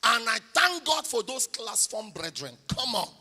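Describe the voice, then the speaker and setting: Nigerian male preacher, very high and sharp voice, lively storytelling with shouts, booming church reverb. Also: unhurried, slightly rough. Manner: animated storytelling, rising to shouts. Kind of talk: sermon testimony. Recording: long hall reverb.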